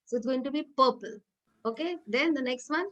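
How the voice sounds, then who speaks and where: A woman's voice: sits high, quick pace, lo-fi sound. A woman giving an online phonetics lecture over a video call, patiently coaxing students to repeat words.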